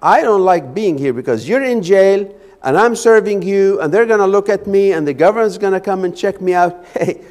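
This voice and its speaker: A man's voice: sits high, lively intonation, moderate pace, few pauses, a little mellow, pitched above the performer's own voice. A man voicing a reluctant man who makes nervous, chatty excuses to get out of a risky task. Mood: excuse-making. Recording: echoey church hall.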